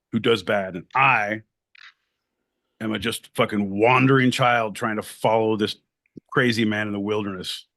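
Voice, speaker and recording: A male podcast co-host in loud, profane, playful comedic banter. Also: fairly low pitch, vocal fry, dry recording.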